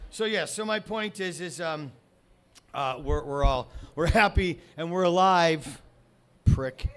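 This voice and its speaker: Man, comedy host, high voice, profane, shouty rants, rambling asides, stand-up stage. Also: takes it slowly, slight background noise. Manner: rambling with many fillers and restarts.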